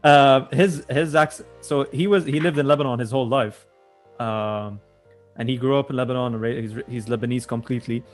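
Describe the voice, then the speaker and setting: A man's voice: medium pitch, fairly even intonation, fairly quick, soft background music. A young man co-hosting a podcast, explaining at length in casual chat, often repeating words. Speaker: podcast co-host.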